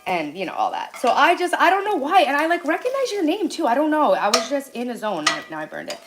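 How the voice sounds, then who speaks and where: A woman's voice: high-pitched, wildly swooping pitch, fast, noisy background. A hungover woman in her thirties chatting bluntly on a live stream from her kitchen, reading out and answering comments. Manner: chatty, blunt, swings between loud and soft, reacts to chat. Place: home kitchen.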